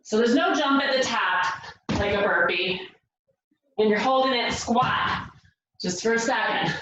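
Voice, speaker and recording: A woman's voice: a little high, unhurried, a bit bright, slight background noise. A woman leading a home workout who sounds out of breath as she coaches the moves and counts down the seconds. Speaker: fitness instructor. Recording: echoey room, distant mic, dull sound.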